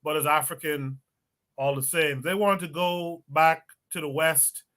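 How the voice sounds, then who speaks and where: A man hosts a casual podcast livestream, turning to his guest and his listeners with long questions. His tone is bright and sharp, and his voice sits a little high. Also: fairly even intonation, measured pace. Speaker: podcast host.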